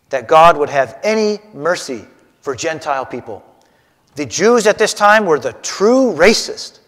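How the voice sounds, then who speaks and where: Lively male Bible teacher in an echoey hall. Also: fairly high pitch. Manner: animated, questioning the class directly. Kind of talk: Bible lesson.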